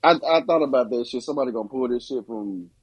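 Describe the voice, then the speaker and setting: A man with a husky, slightly breathy voice co-hosting a casual podcast. He riffs crude jokes and laughs often as he talks. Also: mid-range voice, fast talker, low-quality recording. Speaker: podcast co-host. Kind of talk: casual chat.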